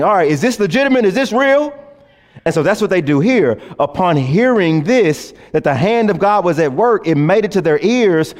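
A man preaching a sermon in a lively, folksy way, swinging between loud emphasis and hushed passages. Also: fairly high pitch. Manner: folksy, says y'all. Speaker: pastor. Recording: long hall reverb.

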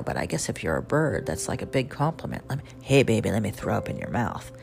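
A chatty radio host with a Southern accent and a very low voice that swings up and down a lot. Her tone is gravelly, and she wanders from story to story with self-mocking asides while music plays clearly underneath. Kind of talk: casual storytelling monologue.

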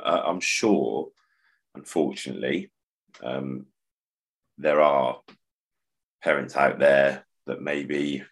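A man hosting a casual chat, speaking bluntly and wryly. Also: a bass voice.

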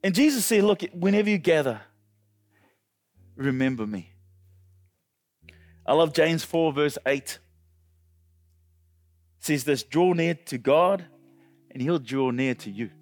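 A male pastor preaching a sermon with passion, often climbing to loud, high peaks. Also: dry recording. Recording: dry close sound with faint music.

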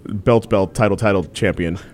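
A man's voice: sits low, fairly even intonation, moderate pace, darkish tone, slight background noise. A man hosting a casual chat show, talking loosely with restarts and laughter. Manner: chatty, stumbles and restarts, laughs often. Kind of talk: casual chat about wrestling.

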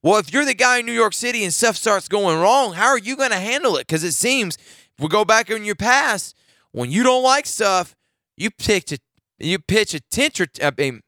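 A man's voice: high-pitched, animated, normal speed, pushed and bright, no room sound, studio quality. Fired-up man hosting a sports talk show. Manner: opinionated, builds to emphatic rants. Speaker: sports talk radio host.

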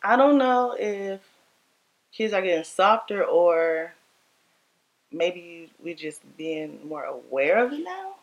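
A young woman with a deep voice co-hosts a casual podcast chat. She talks in a laid-back way and often trails off mid-sentence. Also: sing-song, takes it slowly, dull audio. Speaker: podcast co-host.

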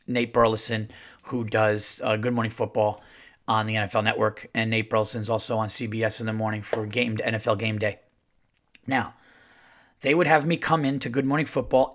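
A man hosting a podcast, telling stories in a casual, profane, animated monologue. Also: medium pitch. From Italian-American family. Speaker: podcast host.

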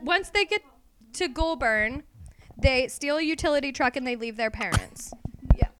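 A woman hosting a casual podcast, telling a true crime story with frequent laughter and an animated manner. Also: high-pitched, normal speed, clean tone. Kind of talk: casual chat.

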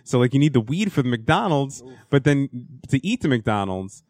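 Casual podcast host, man in his thirties, rambling, swears a lot, mid-pitched, dry close sound. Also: very animated, normal speed, a little mellow, dry recording. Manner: rambling and profane, with frequent laughs. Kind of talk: casual chat.

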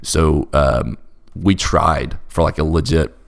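A man's voice: a bass voice, slow pace, creaky. A young man telling a bizarre personal story in a casual chat, emphatic and restless. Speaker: storyteller guest.

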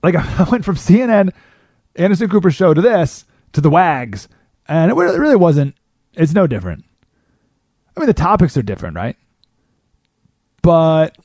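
A male talk-show host rants in a lively, sweeping monologue, slipping into mocking impressions of other people. His voice sits a little high for a man and is rough with gravel. The sound is close and dry. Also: normal speed, long pauses, no room sound. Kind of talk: monologue commentary.

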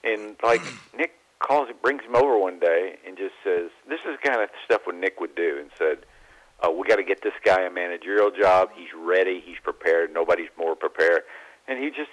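A man with a fairly low voice spins lively baseball stories as a guest on a radio talk show. He acts out the lines of the people in his tales, then turns quiet and reflective. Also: moderate pace. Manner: animated anecdote teller, mimics voices. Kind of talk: phone-in radio interview, storytelling. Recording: phone line.

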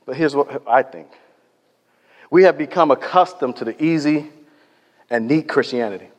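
A man's voice: on the high side, normal speed. A man preaching a sermon in a conversational, storytelling way, acting out the people he quotes. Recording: echoey hall reverb.

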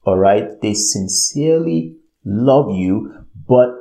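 A man's voice: on the low side, expressive, slow pace, creaky, mellow. A man preaching a sermon in an emphatic way, repeating his phrases and often checking in with "all right". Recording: roomy echo.

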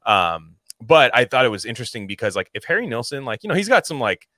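A man chatting on a podcast in a rambling, animated way, full of likes and restarts. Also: mid-range voice, quick pace, dry recording, clean studio sound. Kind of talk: casual podcast chat.

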